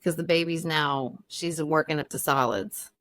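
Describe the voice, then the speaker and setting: A woman in her thirties co-hosting a podcast, chatty and quick to laugh, talking about her kids and baby with casual swearing. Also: low-pitched, fairly bright tone. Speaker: podcast co-host. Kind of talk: casual chat.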